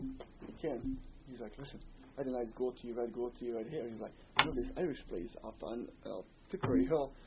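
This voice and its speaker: A man with a Bosnian accent reminisces in a relaxed, rambling way, peppering his story with "you know." His voice sits in a middle pitch. The recording is a little dull, with a faint hiss underneath. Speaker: interviewee. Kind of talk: oral history interview.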